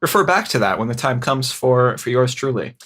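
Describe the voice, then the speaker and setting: A man's voice: medium pitch, animated, fairly quick, a bit bright. A man with a slight upstate New York accent co-hosting a casual podcast in a wry, joking way. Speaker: podcast co-host.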